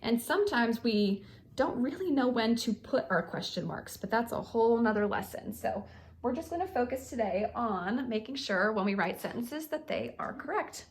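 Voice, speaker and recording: A woman's voice: a little high, expressive, moderate pace, a little hiss or hum. A woman teaching young children to write sentences, patient and sing-song, calling them friends. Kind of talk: children's writing lesson.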